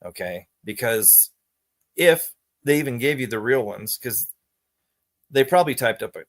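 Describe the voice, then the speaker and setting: A man vlogging straight to his viewers in a loose, rambling monologue. He sounds exasperated and conspiratorial, and he keeps circling back over his own sentences. His voice sits at an ordinary middle pitch. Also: expressive, measured pace. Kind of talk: casual monologue to camera.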